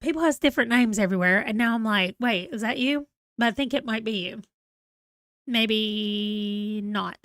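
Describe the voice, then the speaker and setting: A woman's voice: mid-range voice, moderate pace, fairly bright tone, no echo, clean studio sound. A middle-aged woman with a Southern US accent, chatting casually as she hosts a livestream and laughs at herself. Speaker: livestream host.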